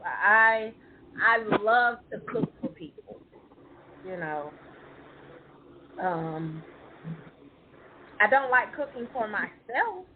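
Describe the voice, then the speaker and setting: Woman podcast host, unhurried and expressive delivery, laughs often, thin phone-like sound. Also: on the high side, a little hiss or hum. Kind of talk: casual chat. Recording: tinny phone-like line.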